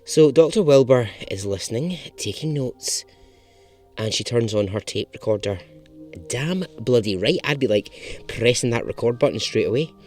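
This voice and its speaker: A man's voice: medium pitch, animated, moderate pace, a little mellow, faint music behind. A man hosting a podcast, telling a true story in a chatty, casual way and swearing now and then for emphasis.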